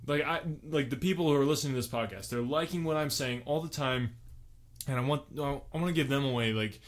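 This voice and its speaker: A man's voice: mid-range voice, fast talker. Man, podcast host, boastful, self-satisfied, rambling, comedy sketch.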